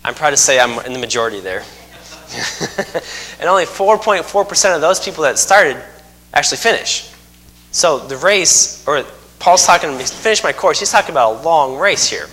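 A man's voice: a little high, expressive, moderate pace, pushed and bright. A man preaching a sermon, folksy and emphatic, with joking asides.

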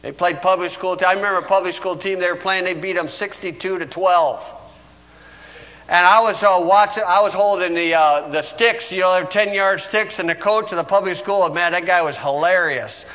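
High, bright-voiced older preacher. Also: male voice, normal speed, low-quality recording. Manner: folksy, storytelling, chuckles often. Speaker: pastor. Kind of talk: sermon.

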